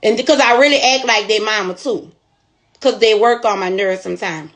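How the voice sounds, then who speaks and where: A woman's voice: medium pitch, fairly quick. A woman store owner telling a motivational testimony in a folksy, preachy storytelling way.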